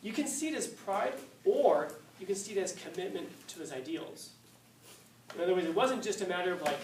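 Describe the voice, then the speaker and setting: A man's voice: high voice, lively intonation, normal speed, darkish tone. Male teacher, casual storytelling lecture with a joking tone, recorded from afar with faint hiss. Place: classroom. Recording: echoey classroom, far mic, faint hiss.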